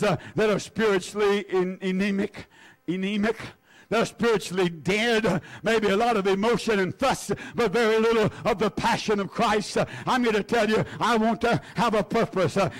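A male pastor delivers a fervent sermon, his voice sitting high for a man. He hammers single words again and again and calls out to members of his congregation by name. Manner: fervent preaching, repeating words for emphasis.

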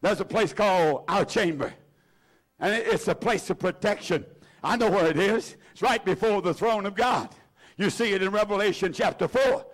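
A man preaching a sermon with fervent, drawn-out emphasis, many "uh" fillers and sudden rising shouts. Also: sits high.

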